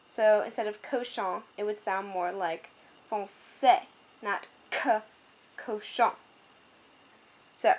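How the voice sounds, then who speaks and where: A young woman tutoring French in a homemade video lesson, explaining clearly and stopping now and then to adjust her camera. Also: on the high side.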